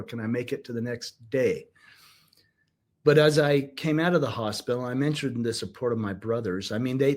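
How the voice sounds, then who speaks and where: Middle-aged male guest, mid-pitch, earnest and reflective, heartfelt storytelling. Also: a little mellow. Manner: earnest, reflective, with frequent restarts. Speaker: podcast guest. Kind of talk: emotional personal storytelling.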